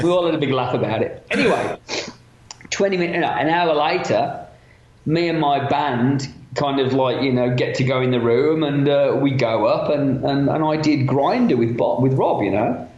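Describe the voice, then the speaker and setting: A man's voice: a little high, normal speed. Birmingham man telling rambling stories. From England. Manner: rambling, profane, animated anecdotes. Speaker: interview guest. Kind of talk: casual storytelling. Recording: roomy, dull lo-fi sound.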